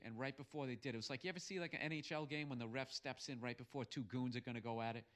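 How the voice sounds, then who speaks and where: A man with a medium-pitched voice races through a crude, comic bar story with hardly any pauses, handing out blunt advice. He's loud and vulgar, swearing often in this profane comedic telling.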